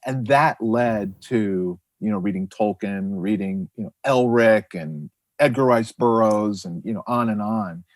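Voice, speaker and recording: Animated middle-aged man, dry close sound. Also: lowish voice, measured pace, few pauses, no echo. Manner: animated, rambling storyteller with restarts. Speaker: guest author and illustrator. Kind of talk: casual podcast chat.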